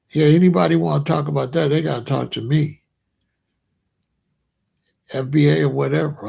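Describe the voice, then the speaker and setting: A man's voice: fairly high pitch, creaky, darkish tone, breathy edge. An American man hosting his own show, talking casually and at length to viewers, repeating himself and boasting. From United States. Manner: rambling, repetitive, boastful. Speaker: commentary show host.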